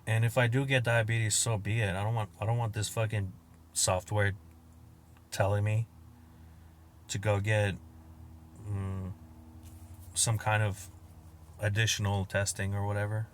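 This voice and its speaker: Man, low-pitched, casual podcast rant, profane, laughing at own jokes, loud bursts when quoting. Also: level tone, a little slow, pauses often, a little hiss or hum. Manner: acts out quoted exchanges with sudden loud outbursts. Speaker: podcast host. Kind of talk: casual comedic monologue.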